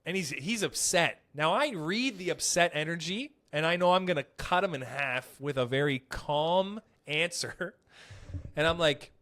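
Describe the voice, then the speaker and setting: Young man telling stories, slightly high voice. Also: measured pace. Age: young adult. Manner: animated profane storytelling. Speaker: podcast host; comedian. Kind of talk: casual podcast chat.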